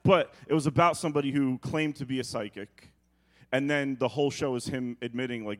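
Animated middle-aged male preacher, joking. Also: medium pitch. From New York, United States. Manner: animated, acts out quotes and sounds, quick jokey asides. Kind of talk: humorous storytelling sermon.

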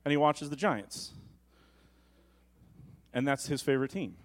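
A man preaching a sermon as pastor, rising to loud emphatic lines and slipping into joking asides. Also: mid-range voice, lively intonation, measured pace.

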